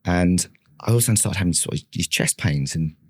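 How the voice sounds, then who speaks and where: A man's voice: deep voice, fast, a little mellow, slightly rough, no room sound, clean studio sound. A man, a podcast guest speaking candidly and with self-deprecating humour as he tells his story, often restarting his sentences. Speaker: podcast guest, marketing leader.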